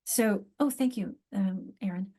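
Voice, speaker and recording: A literacy workshop presenter leads a teacher training session on reading and spelling. Her mid-range voice is husky and mellow, and she takes her time, explaining step by step while often restarting and posing questions to her audience.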